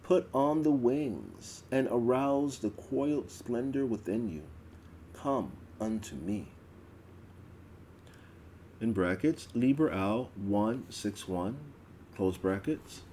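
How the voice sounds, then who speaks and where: A man slowly reading aloud a ritual text in a measured way, with an occasional stumble. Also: medium pitch, darkish tone, a little hiss or hum. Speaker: reader of a religious text.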